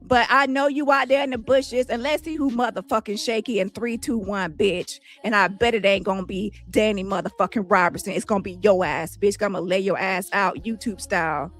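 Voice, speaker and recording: A woman's voice: mid-range voice, steady tone, brisk, few pauses, faint music behind. A woman hosting a livestream, ranting in a profane, taunting and mocking way at someone she calls out. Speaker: livestream host. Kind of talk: combative livestream rant. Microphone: phone.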